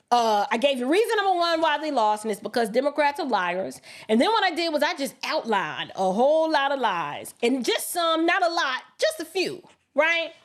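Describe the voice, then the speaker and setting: A woman hosting a political commentary livestream, colloquial and emphatic, often mimicking others in quoted asides. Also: high voice. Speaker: livestream host.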